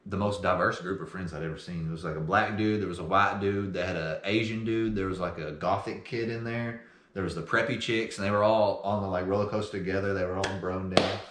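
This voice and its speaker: A man's voice: deep voice, fairly even intonation, a little fast, echoey room, a little hiss or hum. A young man co-hosting a podcast, telling rambling stories and casually chatting with his friend. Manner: rambling storyteller, acts out quotes loudly. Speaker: podcast co-host. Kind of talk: casual chat.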